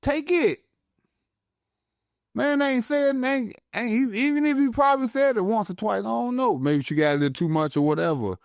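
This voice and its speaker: A man's voice: very high voice, normal speed, vocal fry, dry recording, studio quality. A man co-hosting a casual podcast chat, talking in a blunt, profane, slang-heavy way. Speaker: podcast co-host.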